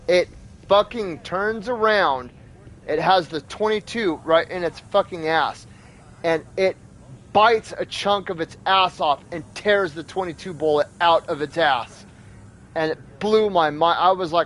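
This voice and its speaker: Man, gaming host, casual storytelling, animated, profane, imitates sounds, somewhat high voice, faint background noise. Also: normal speed. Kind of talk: casual storytelling over gameplay.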